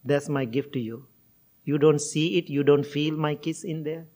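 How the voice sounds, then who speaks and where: A man voicing a loving little girl in a told story, keeping his own slow voice. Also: fairly high pitch, steady tone, dark tone, lightly acted. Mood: tender. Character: loving little girl, three or four years old.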